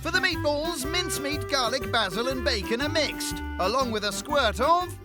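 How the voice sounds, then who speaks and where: A man narrating a cooking competition in a dry, deadpan voice-over full of sarcastic quips. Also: very high voice, moderate pace, over loud music.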